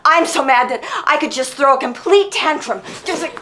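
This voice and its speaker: A woman in a film drama, coaching a child by loudly acting out anger and giving commands. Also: high voice, animated, moderate pace, background noise. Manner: loud, exaggerated, coaxing demonstration. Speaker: caregiver teaching a child.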